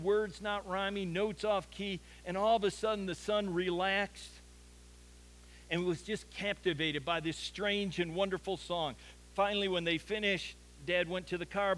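A man's voice: high-pitched, a bit bright. A man preaching a sermon, telling stories earnestly and often stumbling over restarts as he talks. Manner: earnest storytelling with frequent stammered restarts. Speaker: pastor.

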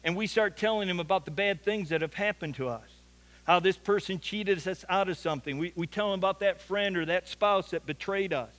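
Pastor guy preaching, high-ish voice, earnest, repeats himself for emphasis, big echoey church hall. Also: brisk, a bit bright. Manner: earnest storytelling preaching, repeats words when stressing a point. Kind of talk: sermon. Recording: long reverb of a large hall.

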